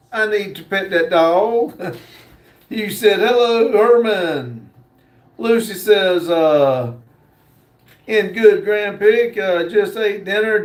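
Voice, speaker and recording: Man, high voice, roomy echo, casual livestream chat, joking, pauses a lot. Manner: slow drawl, unhurried, joking, with frequent "uh" pauses. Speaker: livestream host. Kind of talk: casual livestream chat, reading viewer comments aloud.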